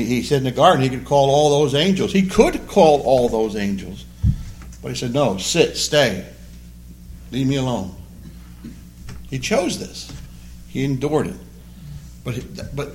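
A man's voice: medium pitch, slight background noise. A man preaching a sermon, acting out the voices of the people he quotes. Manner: dramatic, acts out quoted voices. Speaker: pastor.

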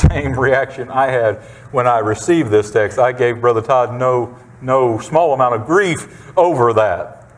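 A man preaching a sermon, reading scripture and explaining it in a deliberate, emphatic way, repeating his key phrases for weight. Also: mid-range voice. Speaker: pastor.

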